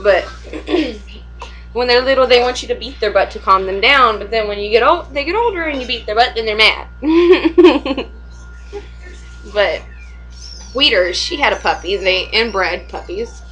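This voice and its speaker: A woman's voice: on the high side, lively intonation, a little slow, long pauses, a bit bright, slight background noise, low-quality recording. A young woman and mother chatting casually at home for a vlog, rambling, swearing freely and laughing often.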